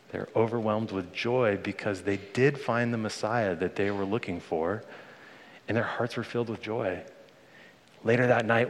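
A man in his thirties preaching a sermon to his congregation, earnest and conversational, speaking to them directly. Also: lowish voice. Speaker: pastor. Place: church sanctuary. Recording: long reverb of a large hall.

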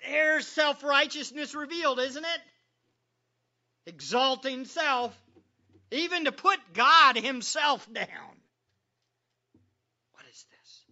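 High, bright-voiced preacher man. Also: highs cut off. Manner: conversational, joking, quizzes the congregation. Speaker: pastor. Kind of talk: sermon.

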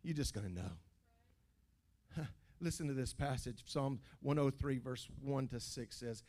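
A man, a pastor preaching a sermon in a church, animated and stammering, with folksy phrasing and call-outs to the congregation. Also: mid-range voice, measured pace. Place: church building.

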